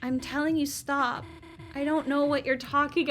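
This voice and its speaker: A woman hosting a gaming channel, giving rambling, chatty let's play commentary full of fillers, swinging between loud outbursts and quiet muttering. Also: sits high, little pitch movement, normal speed, soft background music.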